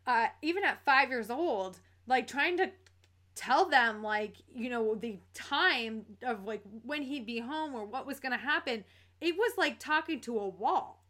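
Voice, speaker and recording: A woman talks in a bright voice that sits a little high. She chats casually on a podcast in a loose, conversational way, full of filler words. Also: lively intonation, measured pace. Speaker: podcast talker.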